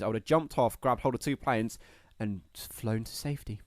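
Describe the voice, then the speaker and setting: A man's voice: mid-range voice, fast, few pauses, dry recording. Rambling man with a dry sound. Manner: rambling, laughs easily. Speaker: podcast co-host. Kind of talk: casual chat.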